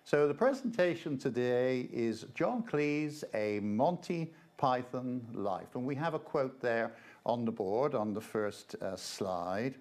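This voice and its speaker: A man's voice: medium pitch, expressive, takes it slowly, a little mellow. A man, a reverend and guest presenter, giving an informal slide-show lecture in a chatty, hesitant way with frequent fillers.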